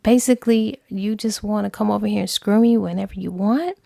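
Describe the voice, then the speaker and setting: A woman voicing a hurt, furious young woman in a book retelling, speaking in sharp, confrontational lines. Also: medium pitch, fairly even intonation, a little fast, creaky, no echo, clean studio sound.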